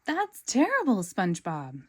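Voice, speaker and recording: A woman voicing a kind, helpful young squirrel woman in a storybook read-aloud, emphatic and bright. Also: mid-range voice, wildly swooping pitch, unhurried, slightly rough, heavily acted. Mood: concerned.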